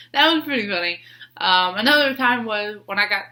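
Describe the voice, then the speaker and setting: A woman's voice: medium pitch, lively intonation, brisk, bright, forceful tone. A woman with a stuffy nose from sneezing, telling a personal story in a rambling way with lots of fillers and restarts. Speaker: vlogger.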